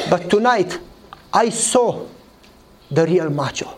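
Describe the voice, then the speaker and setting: A man preaching a sermon, telling a story and acting out the dialogue with lively voices. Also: measured pace, pauses often, a little hiss or hum. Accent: Eastern European. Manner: animated storytelling, acts out dialogue in a higher voice.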